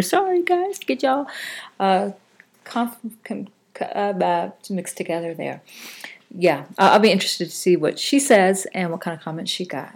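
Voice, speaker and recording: Lady rambling thru listener comments on her podcast, um-ing a lot, voice a bit low. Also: a little mellow. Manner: chatty, rambling, with frequent fillers and self-corrections. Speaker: podcast host. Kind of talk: casual podcast chat reading listener comments.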